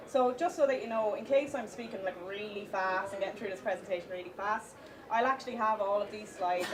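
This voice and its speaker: A woman giving a live conference talk, with many fillers and restarts, stressing the points of a list slowly. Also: medium pitch. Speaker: conference speaker. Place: conference hall with audience. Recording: distant mic, audience in hall.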